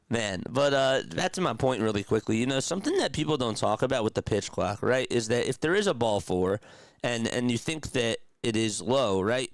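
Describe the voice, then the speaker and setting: A young man calls a game play-by-play in a mid-range voice, chatting to his viewers between pitches. He drifts into sarcastic asides and animated bursts of opinion. The sound is dry and close, with no room around it. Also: normal speed, no room sound. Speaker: play-by-play host. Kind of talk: radio-style play-by-play commentary.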